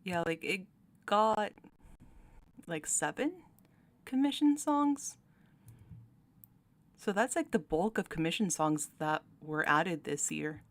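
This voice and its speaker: A woman's voice: on the low side, expressive, slow, long pauses. A young woman hosting her channel, chatting casually while ranking game cards, giggling often and talking with many fillers and restarts. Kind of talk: casual commentary.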